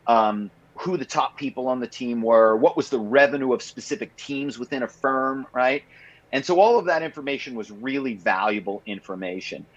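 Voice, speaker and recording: A man being interviewed about his book, with a mid-range voice. He tells his stories in an animated way, full of "you know" and "um." The audio is dull and lo-fi. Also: medium pitch. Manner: animated storyteller, many fillers. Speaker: author and guest. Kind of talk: podcast interview.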